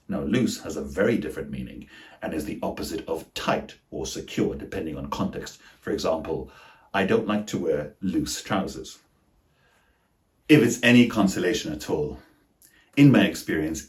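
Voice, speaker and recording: A man teaching English pronunciation in a scripted lesson, slowly and deliberately sounding out each example word. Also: low-pitched, darkish tone. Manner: slow, deliberate, over-articulated example words.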